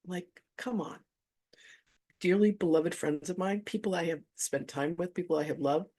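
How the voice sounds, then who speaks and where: In a little mellow, middle-register voice at a moderate pace, an online spiritual gathering's host shares a story casually with the audience. The delivery is effusive and gushing, full of chuckles and an occasional casual curse.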